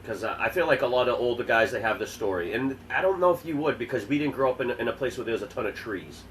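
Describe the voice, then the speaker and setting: A man co-hosting a podcast in casual chat, joking and swearing through rapid-fire banter. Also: medium pitch, lively intonation, a bit bright, distant mic, a little hiss or hum, rough recording. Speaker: podcast co-host.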